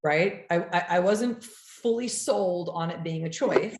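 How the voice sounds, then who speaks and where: A woman's voice: fairly low pitch, unhurried, a little mellow. A woman coach hosting a casual conversation, reflecting aloud and explaining with rhetorical questions. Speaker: coach and host. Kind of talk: casual chat. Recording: echoey room.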